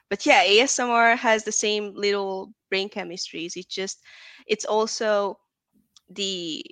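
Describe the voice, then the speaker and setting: Creaky-voiced woman from Texas. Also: mid-range voice, fairly even intonation, slow, long pauses, a bit bright, no room sound. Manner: chatty, rambling, laughs often. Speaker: interview guest. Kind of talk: casual interview chat.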